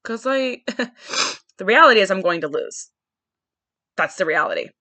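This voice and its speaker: A woman's voice: medium pitch, expressive, a little slow, pushed and bright, no room sound. A woman in her forties hosting a podcast, candidly thinking aloud in a searching, wry monologue. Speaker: podcast host. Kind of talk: personal reflective monologue.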